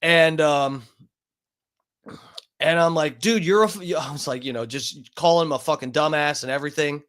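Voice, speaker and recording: High-voiced man swearing through a rambling story. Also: normal speed, long pauses, clean tone. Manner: rambling, profanity-laced, animated. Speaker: vlogger. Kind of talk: casual storytelling.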